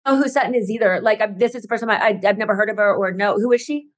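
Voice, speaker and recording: A woman guest on a podcast chatting casually, halting with many fillers and restarts and laughing easily. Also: medium pitch. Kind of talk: casual chat.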